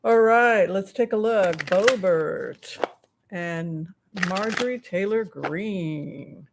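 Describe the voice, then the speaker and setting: Heavy background noise accompanies this woman, a tarot reader hosting a casual live stream. In a mid-range voice, she takes her time, rambling with many asides while responding to viewer questions and thanking donors.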